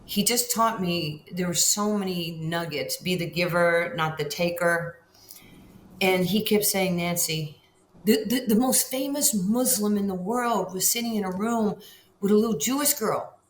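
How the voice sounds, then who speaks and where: An interview guest from New York in her sixties, with a fairly low, unhurried voice, tells stories and brings the quoted voices to life. Slight background noise, a roomy echo, and faint ambience mark the recording.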